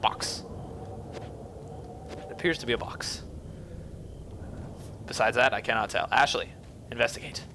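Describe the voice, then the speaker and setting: A man giving goofy, self-mocking commentary while playing a video game, jumping to silly high yelps. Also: moderate pace, pauses often, sharp tone, a little hiss or hum. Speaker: let's play gamer. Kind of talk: joking gameplay commentary.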